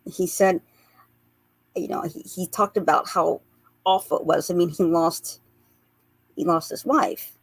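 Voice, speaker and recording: A woman with a lowish voice tells a long personal story as a radio guest. She speaks earnestly and laughs softly at the funnier memories. Her voice is close and dry on a studio mic. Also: measured pace, vocal fry, pauses often, husky, no room sound. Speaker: guest, psychic portrait artist. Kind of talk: recounting past-life memories in a radio interview.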